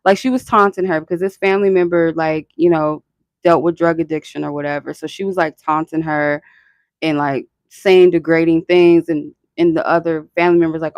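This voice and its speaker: Vlogger, casual chat, rambling, swears a lot, mid-pitched voice, dry close sound. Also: little pitch movement, a little fast, no echo. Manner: profane, rambling, emphatic; frequent filler "like" and laughter. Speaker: spiritual channel host.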